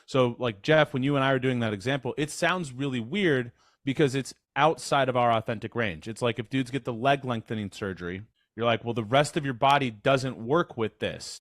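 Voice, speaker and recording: A man's voice: mid-range voice, normal speed, no echo, studio quality. Chatty man coaching on a video call. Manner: energetic, chatty, demonstrates with his voice. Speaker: voice coach leading a workshop. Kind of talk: casual instructional talk. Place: online call.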